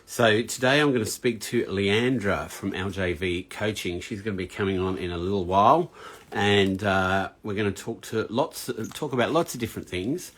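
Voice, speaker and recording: A man's voice: lowish voice, normal speed, a bit bright. A man hosting a casual podcast interview, talking in a rambling way and often correcting himself. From Australia. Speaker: podcast host.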